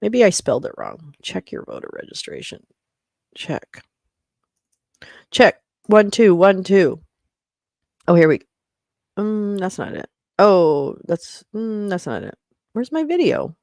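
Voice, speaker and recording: A woman's voice: mid-range voice, big pitch swings, slow, vocal fry, long pauses, a little mellow, no echo, clean studio sound. A woman hosting a casual livestream, chatting in a scattered way and swearing and laughing as she fumbles with her setup. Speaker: livestream host.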